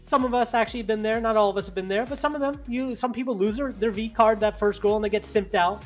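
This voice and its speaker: A man hosting a casual TV recap podcast, talking in an animated, slangy, joking way. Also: high voice, fast talker, faint music behind. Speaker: podcast host.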